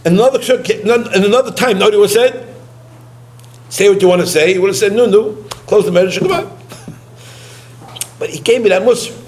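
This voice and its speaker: A man giving a eulogy through personal stories, halting and repeating words, with Yiddish and Hebrew terms mixed into his English. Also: high voice, slight background noise. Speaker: eulogist, former student. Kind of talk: eulogy told as personal anecdotes.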